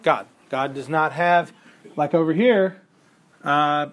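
A man teaches a Bible class in a somewhat high, slightly bright voice at an unhurried pace. He explains things patiently, repeats key points, quizzes his students, and now and then chuckles at his own examples.

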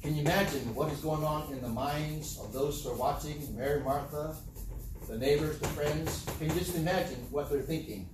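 A man with a slightly high voice delivers a conversational sermon, putting rhetorical questions to his congregation. He sounds a little distant from the mic, and his voice rings through a very echoey room with faint ambience behind it. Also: a little mellow, a little hiss or hum. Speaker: preacher.

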